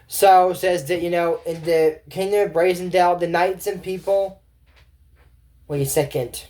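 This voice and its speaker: A man's voice: fairly high pitch, a little slow, a little mellow. A man giving a casual, rambling recap of a cartoon episode, full of fillers, asides and incredulous reactions. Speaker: cartoon reviewer.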